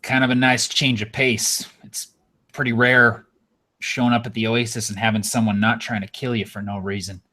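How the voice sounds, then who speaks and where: A man's voice: mid-range voice, little pitch movement, normal speed, bright, forceful tone, pitched below the performer's own voice. A man voicing a wary, dry-humored male desert nomad who speaks in a guarded way.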